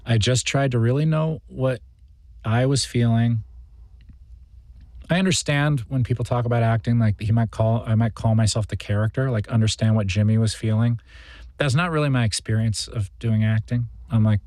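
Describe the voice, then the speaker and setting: A man's voice: medium pitch, a little mellow, no room sound. A man, an actor, answering interview questions in a reflective, rambling way with many fillers. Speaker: guest actor. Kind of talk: interview conversation.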